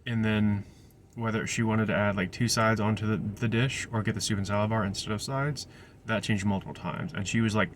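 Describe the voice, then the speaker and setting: A young man with a fairly low voice recounts his shift as a server in casual, meandering storytelling. He restarts sentences and wanders off on tangents before finding his way back. A faint hiss sits under the recording. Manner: rambling, digressive, frequent restarts.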